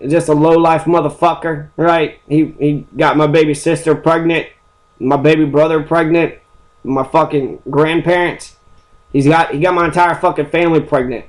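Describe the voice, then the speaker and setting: Angry, foul-mouthed ranting man. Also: a little high. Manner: angry, heavily swearing, rambling. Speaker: history channel host. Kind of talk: profane history rant.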